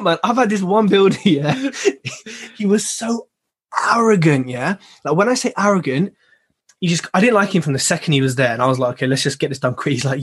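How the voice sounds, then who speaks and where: A man's voice: high voice, slightly rough. A man hosting a casual podcast, bantering in slang and laughing often. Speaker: podcast host.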